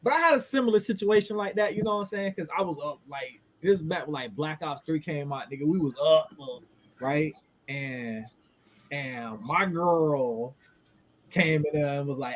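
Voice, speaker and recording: High-voiced man, animated podcast banter. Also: a little fast. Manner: animated storytelling, roasting, slangy. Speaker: podcast co-host.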